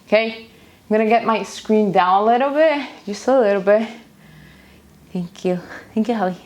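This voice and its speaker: Coaching a live workout from her home by a busy street, this instructor calls out exercises and counts down with lots of energy. Her medium-pitched voice moves at a normal speed, and she gets breathless at times.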